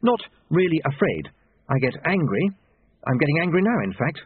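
A man voicing a sharp, unflappable young woman in an audiobook, dry and blunt. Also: on the high side, sing-song, moderate pace, husky, narrow, tinny audio, pitched above the performer's own voice.

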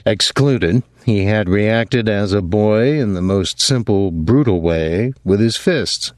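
A man reading a novel aloud as an audiobook narrator, in an even, unhurried way. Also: lowish voice, no echo. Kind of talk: scripted narration.

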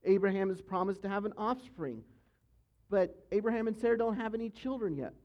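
A man's voice: high-pitched, fairly quick, a little mellow. A man preaching a sermon as pastor, teaching earnestly and emphatically and repeating his key points. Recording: dull, lo-fi sound.

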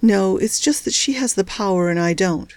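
A woman's voice: mid-range voice, moderate pace, no room sound, studio quality, lightly acted. A woman reading as a bitter, frightened wife. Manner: bitter, resentful. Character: bitter, frightened young wife at a hospital bedside. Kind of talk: audiobook character voice.

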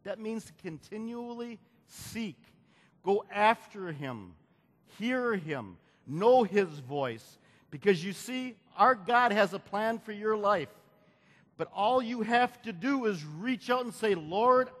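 A male preacher with a high voice delivers a deliberate, unhurried sermon. He repeats key lines and swells into emphatic climaxes. His words ring out with a long reverb, as if in a big hall. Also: lively intonation. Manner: repeats phrases, builds to emphatic climaxes, calls for congregation response.

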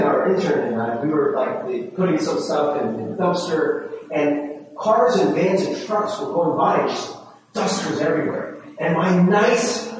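A high-voiced man preaches to his congregation in a very echoey hall, his voice reaching the mic from some distance. He talks with them rather than at them, often checking in with a quick "right?" and now and then acting out his own inner voice. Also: a little hiss or hum. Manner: acts out his own inner voice with rising, fast self-talk. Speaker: pastor. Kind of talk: sermon. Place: church sanctuary.

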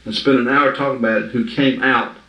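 The recording is muffled, taken from a distant mic in an echoey room. A man with a medium pitch, fairly even intonation, and a fairly quick pace gives informal Bible teaching to a small group, speaking conversationally and emphatically and often checking they understand.

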